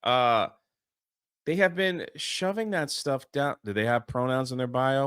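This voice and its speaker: Bright-voiced, sarcastic American man. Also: mid-range voice, sing-song, measured pace, dry recording, studio quality. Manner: sarcastic, indignant, laughs often. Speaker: co-host. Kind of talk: casual commentary chat.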